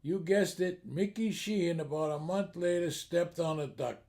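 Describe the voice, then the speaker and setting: A man's voice: on the high side, normal speed, a little mellow. A man telling jokes in a storytelling manner, steadily building up to each punchline. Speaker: joke teller. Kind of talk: comedic joke telling.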